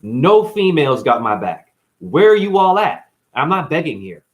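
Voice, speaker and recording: A man's voice: on the high side, big pitch swings, normal speed, phone-quality sound. A man in chronic pain, giving a blunt, profane, rambling unscripted monologue on a live stream.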